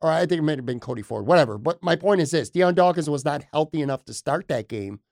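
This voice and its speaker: A man's voice: a little high, expressive, gravelly, darkish tone, no echo, clean studio sound. Chatty upstate New podcast host guy. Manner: upbeat, chatty, quick rapid-fire questions. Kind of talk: casual sports chat interview. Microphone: remote computer call.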